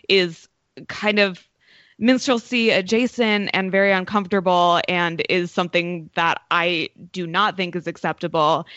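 A woman's voice: on the low side, a bit bright, no room sound. Woman, podcast panelist, casual discussion, filler-heavy, dry, dull audio. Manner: thoughtful, many fillers and restarts.

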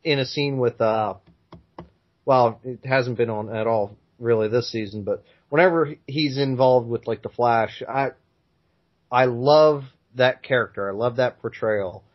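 A man co-hosting a podcast in casual chat, easygoing and measured, often hedging his opinions. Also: mid-range voice. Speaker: podcast co-host. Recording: dull lo-fi sound.

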